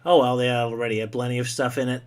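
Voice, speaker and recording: A man hosting a casual stream chat in a relaxed way, now and then jumping up high in pitch for an exclamation. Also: quick pace, smooth. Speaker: stream host.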